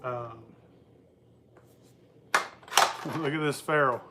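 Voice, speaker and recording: A young man hosts his moonshine-making vlog in a casual workshop setting, speaking extremely slowly at medium pitch. He rambles loosely, swears a lot, and laughs often, with heavy background noise throughout.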